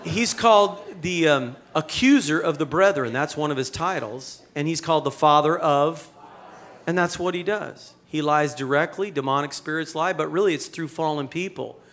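Animated, joking male preacher. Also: fairly high pitch, moderate pace. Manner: conversational, animated preaching with jokes and rhetorical questions. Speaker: pastor. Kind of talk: sermon.

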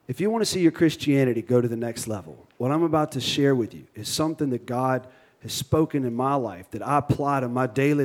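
A male pastor with a Cajun accent preaches an energetic sermon, leading the congregation in call-and-response and cracking jokes. His voice is medium-pitched with a darkish tone.

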